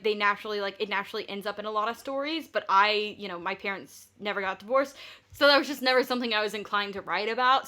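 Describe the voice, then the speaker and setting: Bright-voiced young woman rambling. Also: mid-range voice. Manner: rambling, chatty, full of fillers and restarts. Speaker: podcast host. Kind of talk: casual solo podcast monologue.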